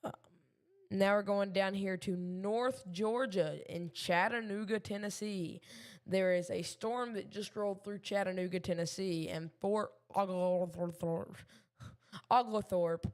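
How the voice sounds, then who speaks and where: A woman's voice: mid-range voice, a little slow, a little mellow. A young woman with a Southern Kentucky accent giving casual live weather radar commentary, chatty and self-deprecating, with many ums. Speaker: livestream weather streamer.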